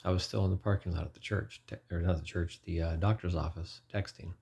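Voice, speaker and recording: Man in his 40s, deep husky voice, earnest lay preacher, rambling testimony, self-correcting. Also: fairly even intonation, fast, darkish tone. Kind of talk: informal personal testimony.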